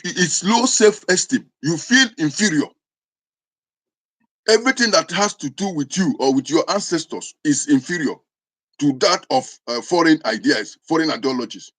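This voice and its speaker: Speaking with an Igbo accent, this southeastern Nigerian man is a traditional spiritual teacher giving impassioned preaching to camera. His voice is a little high and fairly bright, his manner scolding and insistent, and he frequently restarts his words.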